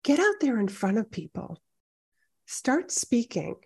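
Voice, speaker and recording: A woman's voice: a little high, sing-song, unhurried, a little mellow, husky. A woman hosting a solo podcast as a speaking coach, talking in an encouraging, conversational way straight to the listener from her home office. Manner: encouraging, conversational, direct address. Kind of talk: solo podcast pep talk. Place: home office with high ceilings and hardwood floors.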